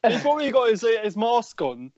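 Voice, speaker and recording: A man's voice: very high voice, sing-song, fairly quick, darkish tone, no room sound. A young man co-hosting a podcast, chatting casually and teasing his friends. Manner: playful teasing banter. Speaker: podcast co-host. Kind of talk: casual chat. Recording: dry, dull lo-fi podcast audio.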